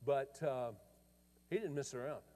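In a mellow, mid-range voice and at a measured pace, the older preacher shares family stories in his sermon. He's folksy and conversational, frequently restarting phrases, while a large hall lends a long reverb.

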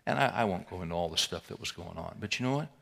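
A man's voice: sits low, animated, quick pace, gravelly, fairly bright tone. A man preaching, telling a personal story candidly and conversationally, with wry humor.

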